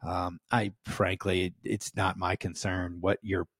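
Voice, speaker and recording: An American podcast host speaks in a deep, level voice, a little slowly, with a fairly bright tone in a clean, echo-free studio recording. In this reflective solo talk on leadership, he sounds earnest, frequently saying "um" and "right?" and building with rising emphasis.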